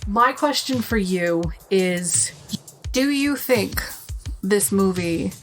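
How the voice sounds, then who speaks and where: Casting note: blunt Rhode Island woman in her thirties, podcast co-host, quick asides, faint music underneath. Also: medium pitch, expressive. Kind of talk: casual chat.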